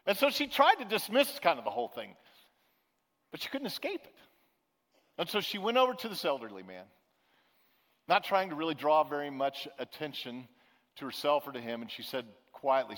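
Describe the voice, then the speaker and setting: A man preaching a sermon as pastor, telling a story in a relaxed, conversational way with emphatic repetition. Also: fairly high pitch, moderate pace, in a large hall.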